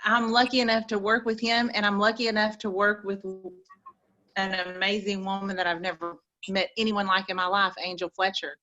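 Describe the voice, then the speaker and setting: A woman's voice: medium pitch, little pitch movement, a little fast, pushed and bright, muffled recording. A woman with an East Texas accent giving folksy, preachy motivational advice on a group call. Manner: folksy, preachy, says y'all.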